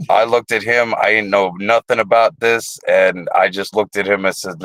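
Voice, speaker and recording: A man's voice: fairly low pitch, steady tone, normal speed, few pauses, a bit bright, no room sound, rough recording. A man hosting a casual livestream, telling rambling, profane stories. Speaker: livestream host.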